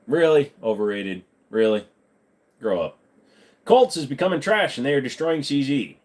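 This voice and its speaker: A man's voice: lowish voice, animated, fairly quick. A man hosting a casual live-stream Q&A, joking around and swearing freely while he answers chat. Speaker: livestream host.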